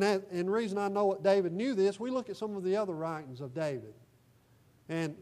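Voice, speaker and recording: A man preaching a sermon to his congregation, repeating phrases for emphasis and swinging between soft asides and loud declarations. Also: fairly high pitch. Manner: folksy, repeats phrases for emphasis, rises and falls in volume. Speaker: pastor. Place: church.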